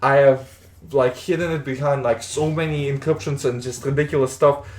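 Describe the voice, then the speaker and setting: A man's voice: medium pitch, steady tone, normal speed, a little mellow, reverberant. A man streaming in a casual, rambling chat, stumbling and repeating words, with the odd swear.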